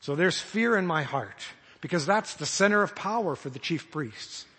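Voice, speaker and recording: A man preaching a sermon, earnest and halting, with frequent restarts as he speaks imagined prayers in the first person. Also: a little high, animated, a bit bright, husky. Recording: long hall reverb.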